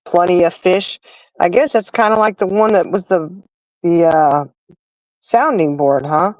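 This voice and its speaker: A woman's voice: lowish voice, a little slow, darkish tone, dry recording, rough recording. A middle-aged woman hosting a livestream and chatting casually, telling stories straight to her viewers. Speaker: livestream host. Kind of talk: casual chat.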